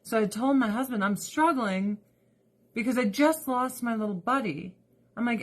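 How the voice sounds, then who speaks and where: A woman's voice: a little high, normal speed. A woman vlogger chatting casually to viewers, emotional and rambling, laughing often and swearing freely. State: weepy, emotional. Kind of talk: casual livestream chat.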